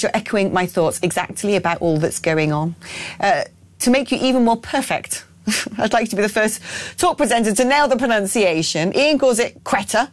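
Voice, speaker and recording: A woman's voice: medium pitch, no room sound. A woman hosting a political talk radio show, opinionated and blunt, reading out listener messages with frequent ums and restarts.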